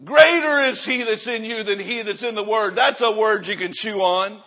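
A man preaching a sermon as pastor, moving from low, quiet passages up to loud, shouting stretches. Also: moderate pace, lo-fi sound.

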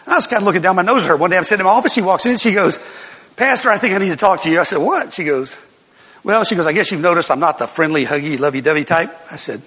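An older male pastor tells folksy stories from the pulpit in a high, bright, husky-edged voice that rings through a big hall with long reverb. He talks very fast, animated and laughing, and flares into sudden loud bursts as a story heats up during his sermon.

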